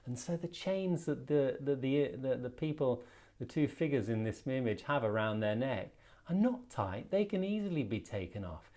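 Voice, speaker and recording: A man's voice: medium pitch, lively intonation, moderate pace, mellow. A man who is a tarot reader and spiritual healer, explaining a card in a reflective, rambling way with frequent restarts.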